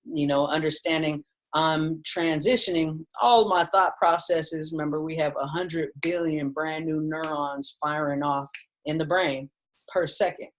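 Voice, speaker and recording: A woman's voice: sits low, fairly even intonation, unhurried, slight background noise, rough recording. Casual, chatty woman teaching mindfulness. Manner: casual and chatty, often says "you guys". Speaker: mindfulness instructor. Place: at home with her dog nearby. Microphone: video call setup.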